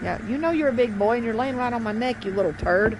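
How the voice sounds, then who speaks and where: A woman's voice: a little high, lively intonation, fast, noisy background. A woman playing a video game and commenting casually, swearing often and scolding her cat between remarks. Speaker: gameplay streamer.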